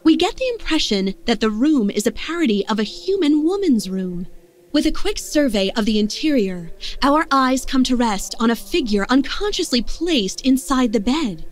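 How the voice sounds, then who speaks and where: An eerie, clinical narrator in a game, describing in a measured, detached way. Her voice sits a little high. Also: expressive.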